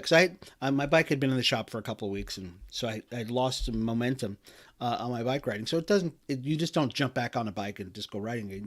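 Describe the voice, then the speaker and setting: Middle aged guy doing a podcast pep talk, emphatic, lots of restarts and ums, regular pitch. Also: a bit bright. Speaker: podcast host. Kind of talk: motivational talk.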